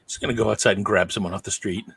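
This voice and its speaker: A man's voice: fairly low pitch, steady tone, racing, creaky, a bit bright, slightly rough. A man co-hosting a casual podcast chat, teasing the others with dry humor. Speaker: podcast co-host and father.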